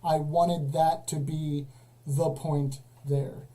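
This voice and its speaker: Dry sarcastic guy running a call-in stream, mellow dark voice. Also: a little high, level tone, takes it slowly, low-quality recording. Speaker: livestream host. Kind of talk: casual live call-in chat.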